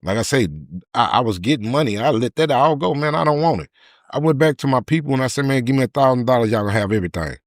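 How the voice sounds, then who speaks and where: A man's voice: medium pitch, animated, fast talker, no echo. Man, middle-aged, storytelling, acts out quoted voices, dry sound. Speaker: podcast guest. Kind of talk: storytelling interview.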